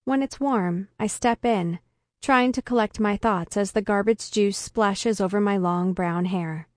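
A woman reading a first-person story aloud in a deadpan comic way. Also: medium pitch, measured pace, no echo, clean studio sound. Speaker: narrator. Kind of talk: first-person audiobook narration.

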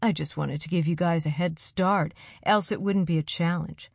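A woman's voice: lowish voice, steady tone, normal speed, creaky, darkish tone, slightly rough, no echo. A woman voicing a boastful, competitive teenage boy in an audiobook, in a dry, close recording. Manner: boastful, challenging.

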